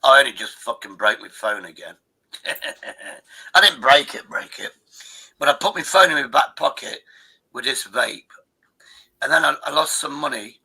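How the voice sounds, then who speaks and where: A man's voice: mid-range voice, expressive, moderate pace, vocal fry, sharp tone, husky, poor audio. A man, hosting a livestream and telling rambling, sweary stories over a video call. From Derbyshire, England. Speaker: livestream host. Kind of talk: casual chat.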